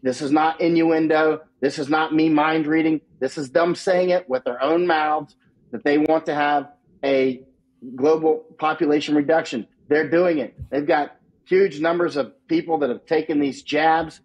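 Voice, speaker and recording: A man's voice: fairly high pitch, fairly even intonation, normal speed, a little mellow, low-quality recording. A man speaking as an interview guest, emphatic and full of repeats, laughing now and then at his own lines. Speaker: war correspondent guest. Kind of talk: casual interview talk.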